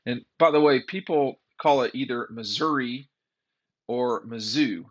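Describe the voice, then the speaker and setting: A man's voice: mid-range voice, measured pace. A man hosting a sports commentary show, talking in a rambling, opinionated, exasperated way. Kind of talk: casual opinion monologue. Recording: dull lo-fi audio.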